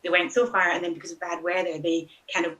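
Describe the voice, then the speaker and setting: Female interview guest, bright and clear, hesitant rambling delivery. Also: lowish voice, little pitch movement, quick pace, rough recording. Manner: rambling, hesitant, with frequent ums and small laughs. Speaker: guest, long-distance hiker. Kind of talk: casual interview storytelling.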